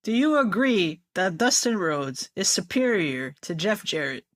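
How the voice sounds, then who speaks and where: A woman's voice: medium pitch, big pitch swings, a little slow, no room sound, studio quality. A woman co-hosting a casual podcast, chatting about wrestling and laughing often. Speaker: podcast co-host.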